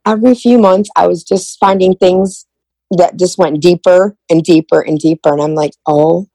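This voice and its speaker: A middle-aged woman shares her own story as a podcast guest, with a gravelly, low-pitched voice. She talks candidly and emotionally, slipping into the voices of the people she quotes. The sound is dry and close. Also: fairly even intonation, normal speed, warm tone, no echo, low-quality recording. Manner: emotional, candid, acts out past conversations. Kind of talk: personal storytelling in a podcast interview.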